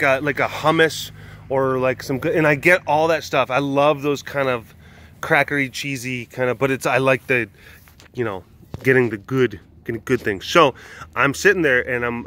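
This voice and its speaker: A man's voice: medium pitch, a bit bright. A man hosting a podcast, telling a story in casual chat, rambling with many restarts and chuckling often. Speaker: podcast host.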